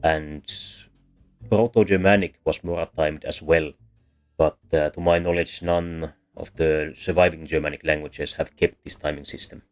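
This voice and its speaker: Man, very low voice, hesitant lecture, lots of ums, faint music underneath. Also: fairly even intonation, normal speed. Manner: hesitant, many ums and self-corrections. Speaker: language teacher. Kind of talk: explanatory lecture while drawing.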